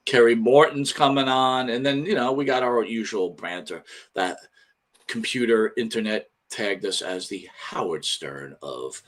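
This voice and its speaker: A man's voice: mid-range voice, unhurried, a bit bright. Profane rambling older New man. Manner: rambling and profane, reading out chat names. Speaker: podcast co-host. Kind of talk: casual live-stream chat.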